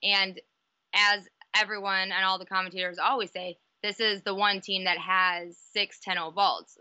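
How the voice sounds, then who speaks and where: A woman's voice: medium pitch, bright, forceful tone, dry recording, muffled recording. A woman co-hosting a podcast, chatting casually and enthusiastically about college gymnastics. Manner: enthusiastic, gushing. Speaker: podcast co-host.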